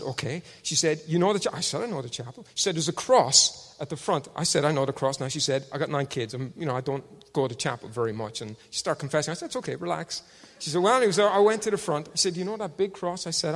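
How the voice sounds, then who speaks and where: A man preaching a testimony sermon, swinging between loud shouted proclamations and hushed storytelling. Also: on the high side. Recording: long hall reverb.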